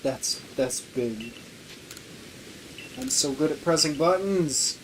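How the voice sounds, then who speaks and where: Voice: mid-range voice, animated, slow, rough recording. A sleepy streamer chatting casually over gameplay, rambling through self-mocking jokes. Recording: clear background noise.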